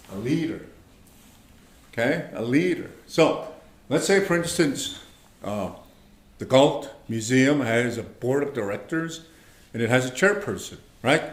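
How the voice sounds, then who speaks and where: A man teaching an online language class, speaking slowly and patiently, repeating words and checking in with his students. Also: a little high, reverberant. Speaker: language instructor.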